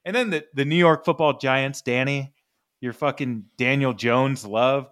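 A man's voice: mid-range voice, a little slow, a bit bright. A man hosting a sports podcast, ranting in mock anger with sarcastic jabs. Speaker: podcast host. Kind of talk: ranting casual chat.

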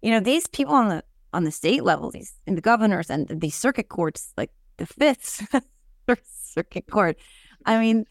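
A woman co-hosting a casual political chat, talking in an animated, digressive way with many fillers and restarts. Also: medium pitch, moderate pace, gravelly, no echo, clean studio sound.

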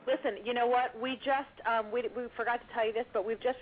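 Fast-talking woman on a tinny line. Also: on the high side, steady tone. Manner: quick, bantering. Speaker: radio co-host. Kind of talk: casual chat. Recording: tinny phone line with crowd behind.

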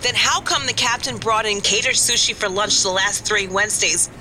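A woman's voice: medium pitch, normal speed, pushed and bright, slight background noise, poor audio. An actress playing a sassy, foul-mouthed woman who teases her friend over a video call. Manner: sassy, profane, teasing. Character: brash, foul-mouthed woman police station worker. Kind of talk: audio drama acting.

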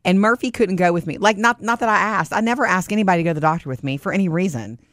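A woman's voice: lowish voice, racing, fairly bright tone, no room sound, studio quality. A woman in casual chat who tells stories and acts out what people said. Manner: chatty storyteller, acts out quotes.

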